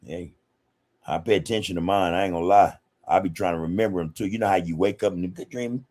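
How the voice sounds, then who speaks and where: A podcast host with a low, slightly mellow voice talks quickly on a casual livestream. He reads viewer comments and greets them directly in loose slang, dropping "man" and "you know" into nearly every sentence.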